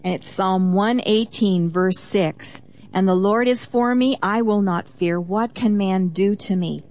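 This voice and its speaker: A woman of middle pitch co-hosting a Christian teaching talk. She reads Bible verses aloud with firm emphasis, then explains them in a conversational tone. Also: a little slow, darkish tone. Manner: reads scripture aloud with emphasis, affirming interjections. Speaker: co-host of a Christian teaching program.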